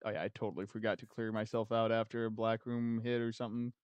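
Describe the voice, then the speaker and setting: A man's voice: on the low side, little pitch movement, fast talker, a little mellow, smooth, dry recording, lo-fi sound. A man streaming a game and chatting casually with viewers, laid-back and laughing often between his thoughts.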